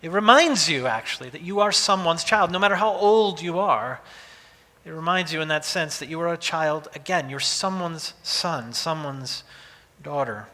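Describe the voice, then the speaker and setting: A man in his forties preaches in a relaxed, storytelling way, often restarting his sentences. His voice is bright and sits a little high for a man, and it carries a long reverb from a large hall. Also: moderate pace. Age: 40s. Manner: conversational, anecdotal, with frequent restarts. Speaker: pastor. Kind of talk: sermon.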